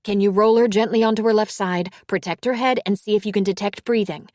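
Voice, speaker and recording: A woman voicing a female emergency dispatcher who asks questions in a steady, methodical way. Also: mid-range voice, a little fast, no echo, clean studio sound, voice pushed up, close to an everyday voice.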